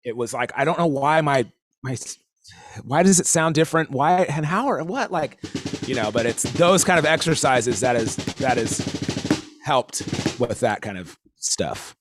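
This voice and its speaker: A man's voice: medium pitch, animated, moderate pace, background noise. A man giving a casual live-streamed drum lesson, rambling and easygoing, with lots of fillers. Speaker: drum teacher.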